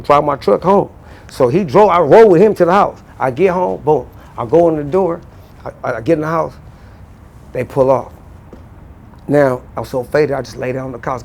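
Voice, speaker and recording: A middle-aged man from Los Angeles, a guest in an interview, telling an animated story in loose street slang with frequent restarts. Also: vocal fry, slight background noise. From Los Angeles, USA. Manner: acts out quoted voices with big jumps up in pitch.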